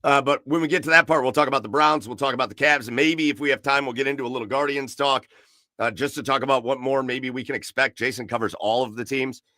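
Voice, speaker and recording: A man's voice: medium pitch, fairly even intonation, fast, pushed and bright, no room sound, clean studio sound. A man hosting a casual sports talk show, chatty and rambling, with frequent fillers and repeated words. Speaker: podcast host.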